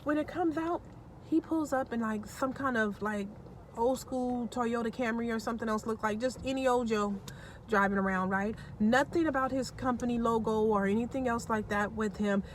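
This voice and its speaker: A woman tells a personal story to her vlog audience in a chatty, animated way. Her voice sits fairly high, and a faint background hiss stays under it. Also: moderate pace. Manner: chatty, animated, laughs while telling. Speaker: storytime vlogger. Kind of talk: casual storytelling.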